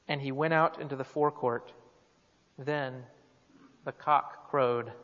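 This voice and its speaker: A man's voice: on the high side, slow, pauses often, a bit bright. Emphatic preacher, man, echoing hall. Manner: emphatic, with repeated words. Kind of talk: sermon. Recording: dull, reverberant hall.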